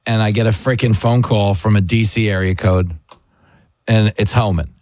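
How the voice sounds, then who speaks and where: A man's voice: on the low side, normal speed, no echo, studio quality. A man hosting a radio talk show, joking and telling stories about himself. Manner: joking, self-mocking, animated storytelling. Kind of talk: casual radio chat.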